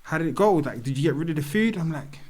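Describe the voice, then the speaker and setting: A man's voice: fairly high pitch, animated, fast, a little mellow. A man, a podcast guest telling a personal story in candid, slangy talk and acting out the dialogue. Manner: candid, slangy, acts out dialogue in quoted speech. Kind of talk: casual storytelling conversation.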